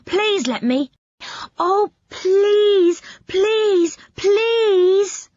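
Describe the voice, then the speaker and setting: A woman voicing an eager, excitable young boy in a storybook reading, with breathless, pleading lines. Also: high-pitched, takes it slowly, breathy edge, no room sound, pitched above the performer's own voice, exaggerated voice. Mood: begging. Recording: dull lo-fi audiobook recording.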